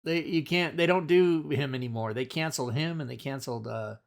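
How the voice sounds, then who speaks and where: A man's voice: on the high side, brisk, creaky. A man hosting a casual chat, telling rambling stories and laughing often. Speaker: host.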